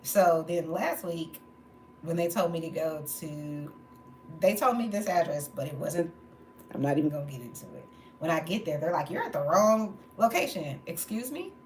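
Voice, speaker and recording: With a low, slightly mellow voice at normal speed, a livestream host chats casually from home late at night, worn out from no sleep. She's candid and venting, laughing between her stories, and the audio picks up a roomy echo and faint background noise.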